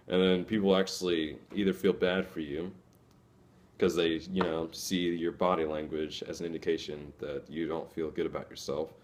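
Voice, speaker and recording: A man's voice: low-pitched, normal speed, a little mellow. A young man giving a casual, conversational explanation as a student presenter, acting out little quoted lines as he goes.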